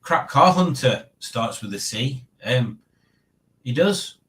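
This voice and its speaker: A man's voice: medium pitch, big pitch swings, unhurried, a bit bright. A man hosting a casual livestream, chatting and rambling to his viewers in a self-mocking way. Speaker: livestream host. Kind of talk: casual chat.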